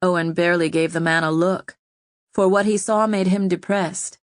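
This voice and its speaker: A woman narrating an audiobook in a steady storytelling manner. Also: fairly low pitch, moderate pace, no room sound, studio quality. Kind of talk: scripted narration.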